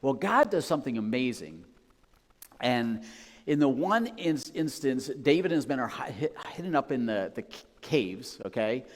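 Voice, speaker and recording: A man's voice: medium pitch, big pitch swings, normal speed. A man preaching as a pastor, retelling a story casually and checking in with the room with "okay?" and "right?". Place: church sanctuary. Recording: long reverb of a large hall.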